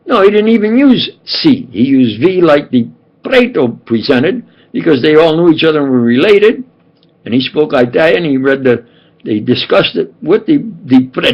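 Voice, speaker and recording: Gravelly older man with a New York accent. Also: a little high, muffled recording. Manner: emphatic, digressive, repeats himself. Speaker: self-styled scientist and preacher. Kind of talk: rambling monologue.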